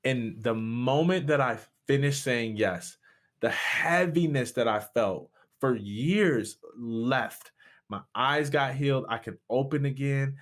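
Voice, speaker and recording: Interview guest, male pastor from Michigan. Impassioned storyteller, average pitch. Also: slow. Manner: impassioned, voice rising sharply at peaks.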